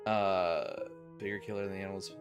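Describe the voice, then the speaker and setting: A man's voice: low voice, fairly even intonation, a little fast, music in the background. A man hosting a live stream with a headset, chatting loosely with his viewers and a guest. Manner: loose and profane, thanks viewers, talks with a guest on a call. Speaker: streamer host. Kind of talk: casual live-stream chat.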